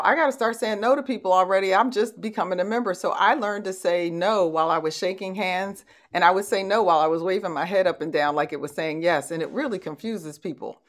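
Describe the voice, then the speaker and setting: A middle-aged woman hosting a conversational motivational talk, telling stories and laughing easily. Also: fairly low pitch. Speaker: host.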